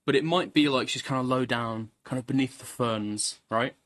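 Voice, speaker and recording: A man's voice: mid-range voice, normal speed, fairly bright tone. A man giving crude, profane, mocking reaction commentary, laughing often as he talks.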